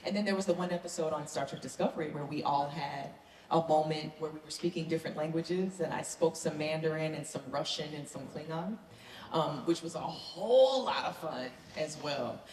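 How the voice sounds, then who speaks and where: A Southern American actress answers fan questions on a panel in a large convention hall, enthusiastic and earnest. Her voice is low-pitched, brisk, and a little mellow, and the recording has the echo of the hall with faint noise.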